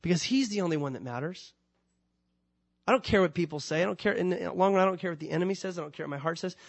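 A man preaching a sermon in an animated, conversational way, asking his listeners questions and swinging from loud rises to soft drops. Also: high voice, fast talker, vocal fry. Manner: conversational, asks the congregation questions. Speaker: pastor.

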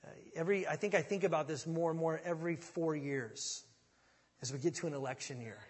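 A man's voice: on the high side, fairly quick, slightly rough. A man preaching a sermon in a conversational, folksy way, often restarting words as he thinks aloud. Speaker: pastor. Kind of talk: expository sermon. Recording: long reverb of a large hall.

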